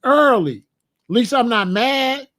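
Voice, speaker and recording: Man, high-pitched, casual advice talk, blunt and joking, hosting. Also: normal speed. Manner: blunt, joking, acts out little scenes. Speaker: host.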